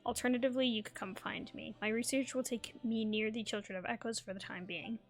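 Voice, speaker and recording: A woman's voice: fairly high pitch, fairly even intonation, a little fast, soft background music, close to an everyday voice. Girl reading a polite formal scholar guy, keeps apologizing, plain voice. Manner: formal, courteous phrasing. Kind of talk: reading game dialogue aloud.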